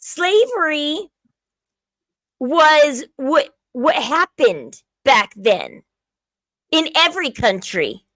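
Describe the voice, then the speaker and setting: Middle-aged woman streamer, high pitch, rambling casual talker, dry close sound. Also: very animated, very slow, long pauses, fairly bright tone, no echo. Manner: rambling, many fillers and restarts. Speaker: streamer host. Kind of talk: casual livestream chat.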